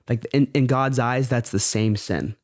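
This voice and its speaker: A man's voice: medium pitch, measured pace, no echo, studio quality. A man speaking as a podcast guest in earnest, fervent casual talk, often saying "bro".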